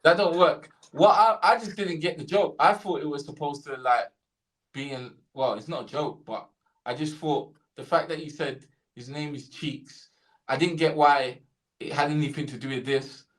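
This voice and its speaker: Slangy podcast co-host. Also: male voice, a little high, moderate pace, fairly bright tone. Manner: slangy, teasing banter. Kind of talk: casual podcast chat.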